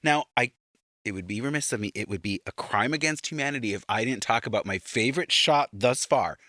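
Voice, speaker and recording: A man co-hosting a casual reality-show recap podcast, animated and quick to swear, often leaping up high for emphasis. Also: no room sound, clean studio sound. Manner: animated, swears freely, jumps into high-pitched exclamations. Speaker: podcast co-host.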